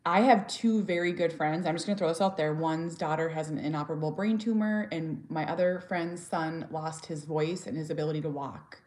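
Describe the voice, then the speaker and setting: A woman talks straight to camera in a candid personal vlog, sharing her story as a mother. Her voice sits a little on the low side for a woman. She sounds earnest and heartfelt, doubling back on her words as she goes and speaking plainly and bluntly when she means it. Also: brisk, hardly any pauses, darkish tone. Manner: earnest and heartfelt, with frequent restarts; talks openly and directly, sometimes blunt.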